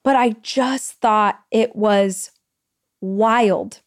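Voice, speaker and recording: A woman talks through her own stories on a solo podcast. She is chatty and animated, with her voice at a middling pitch. She scatters "like" through her sentences and acts out what she thought at the time. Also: drawn-out words. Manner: chatty and animated, with frequent "like" fillers; retells stories with quoted inner speech. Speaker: podcast host. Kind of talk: casual solo podcast storytelling.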